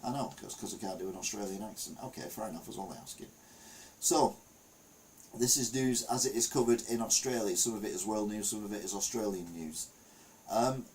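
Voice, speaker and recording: An older man hosting a live stream, reading the week's news aloud and adding wry, deadpan asides between frequent ums. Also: mid-range voice, poor audio.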